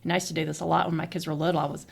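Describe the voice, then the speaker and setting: A middle-aged woman hosts a casual podcast conversation. Her voice sits low, with a gravelly fry at the ends of phrases. She talks earnestly, circling back and repeating words as she works through a thought. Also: level tone, very fast. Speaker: podcast host.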